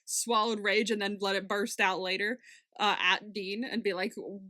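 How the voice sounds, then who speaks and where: A woman's voice: medium pitch, moderate pace. A young woman co-hosting a podcast, chatting casually and laughing often as she recaps a series. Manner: animated, swearing, laughing often. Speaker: podcast co-host.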